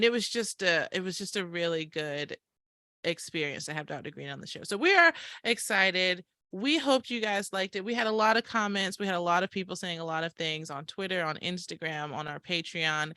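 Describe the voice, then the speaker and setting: A woman co-hosting a podcast, chatty and excitable, rambling a little as she talks. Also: lowish voice, dry recording. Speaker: podcast co-host. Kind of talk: casual podcast chat.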